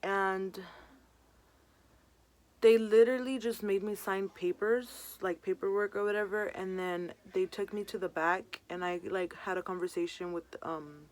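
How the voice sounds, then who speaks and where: Speaking in a mid-range voice with fairly level intonation, this young woman vlogs about something personal in a relaxed, chatty way. "Like" comes up constantly, filling each pause, and Spanish words slip into her talk.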